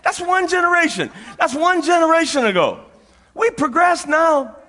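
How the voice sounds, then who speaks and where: A middle-aged male pastor with a very high, bright voice preaches in a folksy, storytelling way. He laughs often and repeats his phrases for emphasis. His words ring out with the long reverb of a large church hall. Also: animated, moderate pace. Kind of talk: sermon.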